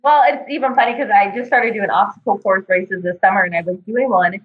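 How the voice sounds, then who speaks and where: Animated woman on a tinny phone line. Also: a little fast, breathy edge. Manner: animated, acts out quoted voices with pitch jumps. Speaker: podcast guest, police department administrative assistant. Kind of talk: casual storytelling in an interview.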